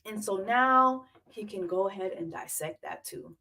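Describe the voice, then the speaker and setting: A woman's voice: medium pitch, unhurried, sharp tone. A woman hosting a live stream, reacting to clips with sarcastic, emphatic commentary.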